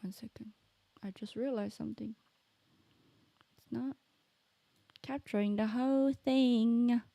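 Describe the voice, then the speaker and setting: A woman's voice: on the high side, fairly even intonation, slow, gravelly, warm tone. A woman casually commenting while playing a video game, thinking aloud and trailing off mid-sentence. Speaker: gaming streamer. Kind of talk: casual let's-play commentary.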